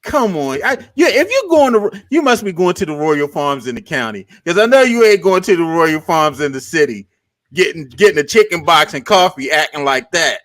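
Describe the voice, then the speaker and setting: A man's voice: a little high, very animated, moderate pace, a bit bright. A man, co-hosting a casual sports show and ranting with mocking impressions.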